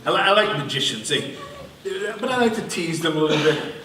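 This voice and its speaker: A man's voice: a little high, expressive, brisk, pushed and bright. A man doing a bubble show on a theater stage, teasing and joking with the audience in live comedy patter. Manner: playful teasing banter with the audience. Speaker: bubble performer. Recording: roomy, distant audience recording with crowd noise.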